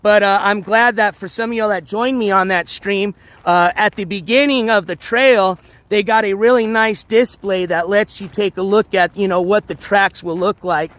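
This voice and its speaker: A man's voice: sits high, steady tone, normal speed, fairly bright tone, no room sound. A man live-streaming outdoors on a trail, chatting casually to viewers with lots of fillers and restarts while walking.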